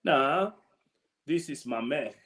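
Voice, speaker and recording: A man's voice: medium pitch, lively intonation, slow pace, a bit bright, roomy sound. A man from Sierra Leone with a Sierra Leonean accent, hosting an event on a video call, chatty and full of anecdotes. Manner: chatty, anecdotal, laughs often. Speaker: event host.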